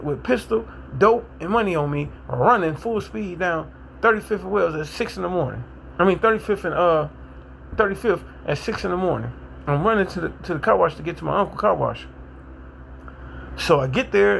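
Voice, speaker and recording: A middle-aged man casually telling his own recovery story with a Milwaukee accent, animated and acting out what people said. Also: creaky, a little hiss or hum. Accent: Milwaukee, African American Vernacular English. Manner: animated, acts out quotes, rises to excited high pitch in tense moments.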